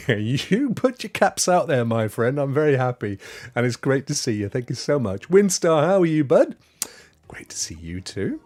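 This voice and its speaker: A man's voice: mid-range voice, very animated, moderate pace, darkish tone. A British man in his fifties hosting a live stream, chatting casually and greeting viewers by name. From United Kingdom.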